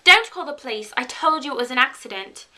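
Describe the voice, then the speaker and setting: A woman's voice: high-pitched, lively intonation, quick pace, sharp tone, heavily acted. A woman voicing a young man who pleads with his friend, read aloud in a put-on British accent. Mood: pleading.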